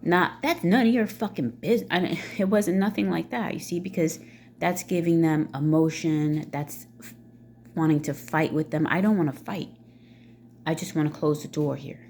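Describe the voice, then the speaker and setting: A woman's voice: low voice, steady tone, normal speed, a little mellow, a little hiss or hum. A middle-aged woman ranting casually to camera, blunt and swearing freely, with many fillers. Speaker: vlogger.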